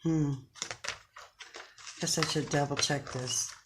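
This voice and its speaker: A woman's voice: deep voice, fairly even intonation, takes it slowly, background noise. A middle-aged woman giving a casual tarot reading to her viewers from her chair at home, talking in an effusive, affectionate, chatty way. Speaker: tarot card reader.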